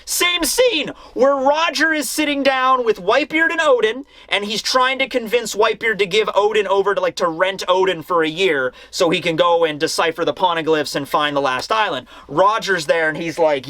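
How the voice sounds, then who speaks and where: A young man casually reviewing a manga chapter, animated and acting out scenes as he goes. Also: high voice, normal speed, hardly any pauses, no echo.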